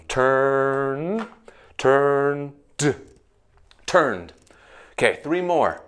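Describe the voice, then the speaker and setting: A man runs an English pronunciation lesson like a drill sergeant, barking commands. He drills each word with long pauses between them, and his pitch jumps high and low. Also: animated, clean tone. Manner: barked commands, slow drilled word lists. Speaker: English teacher.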